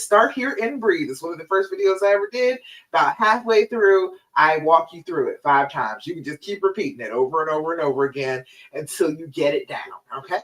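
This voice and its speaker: A woman's voice: lowish voice, low-quality recording. A woman relationship coach on a live stream, speaking directly to listeners and checking in with them often. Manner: direct, coaching, repeats "okay?"; leads breathing exercise, counting slowly.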